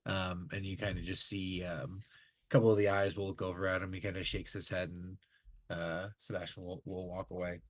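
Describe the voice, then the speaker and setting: A man narrating as game master, halting with many fillers. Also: deep voice, little pitch movement, dry recording.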